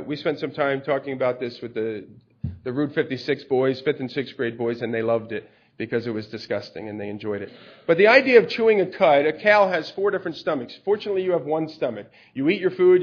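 A man delivers a sermon in a relaxed, conversational manner, walking through scripture with everyday examples. His voice sits a bit high for a man. The recording is dull and lo-fi. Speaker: preacher.

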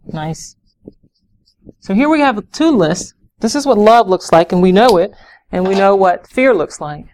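A middle-aged woman giving a parenting workshop, asking her audience questions and acting out scenes between parents and children. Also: fairly high pitch.

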